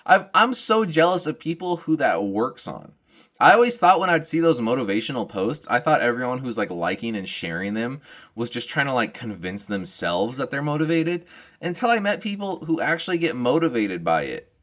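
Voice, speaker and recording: A young man riffs through a rambling comic monologue, laughing at his own jokes and running himself down. His voice sits at an ordinary middle pitch, and he has the hiccups. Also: very animated, moderate pace, a bit bright. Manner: self-deprecating, laughs at own jokes, mocking put-on voices. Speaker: comedian vlogger.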